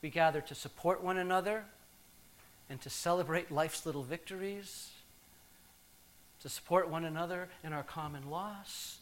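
Male pastor, 50s, bright tone, reflective storytelling sermon. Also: on the high side. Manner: reflective, measured, with pauses.

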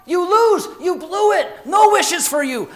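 A man voicing a brash, sarcastic male genie with a Chicago accent and a loud, mocking, high-pitched delivery. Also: sing-song, unhurried, full character voice. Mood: gloating.

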